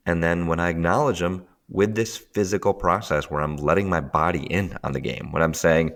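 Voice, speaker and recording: A man with a very low, deep voice talks in a relaxed, conversational way. He gets animated, laughs easily and slips into little voices as he tells stories. He sounds middle-aged. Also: brisk, hardly any pauses. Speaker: guest. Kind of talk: casual conversation.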